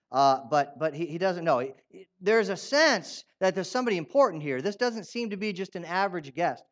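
A man preaching a sermon in a conversational way, asking his listeners questions and turning animated when he reads out quotes. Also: sits high, highs cut off. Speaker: pastor.

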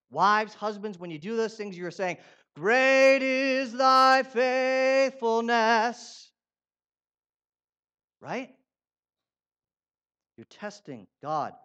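A man preaching a sermon, swinging between loud declarations and quiet asides, putting questions to his congregation. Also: mid-range voice, dull audio. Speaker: pastor. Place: church.

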